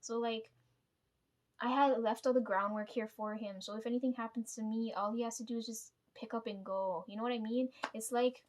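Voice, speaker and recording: A young woman talks straight to her own camera in a loose, rambling vlog. Her voice sits a bit high for a woman, and she fills the gaps with "like" and "right?" and swears without a second thought. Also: fairly even intonation, brisk, darkish tone. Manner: rambling, swears freely, many fillers and tag questions. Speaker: vlogger. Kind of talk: casual personal vlog storytelling.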